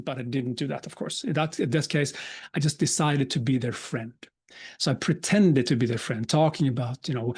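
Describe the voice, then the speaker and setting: A man, giving a live talk as a speaker and telling a personal story with humor and quick asides. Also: fairly high pitch, darkish tone, slightly rough. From Sweden. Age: 50s. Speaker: keynote speaker.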